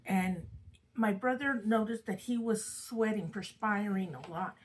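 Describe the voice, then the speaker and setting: A woman's voice: medium pitch, measured pace, low-quality recording. An older woman casually retelling a spooky true story from her own family, chatty and dramatic. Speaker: storyteller host. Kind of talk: casual spoken ghost story.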